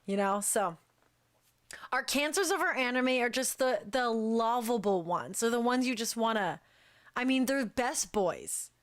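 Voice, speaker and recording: Animated high-voiced young woman hosting. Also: moderate pace. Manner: animated, gushing, jumps up in pitch for emphasis. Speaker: talk show host. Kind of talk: casual chat.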